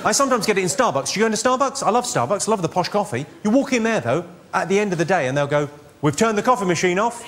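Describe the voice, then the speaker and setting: Sardonic high-voiced man on stage. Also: racing, few pauses. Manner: deadpan, sardonic, sudden profane outbursts. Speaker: stand-up comedian. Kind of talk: stand-up routine. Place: comedy stage before a live audience. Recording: loud audience laughter.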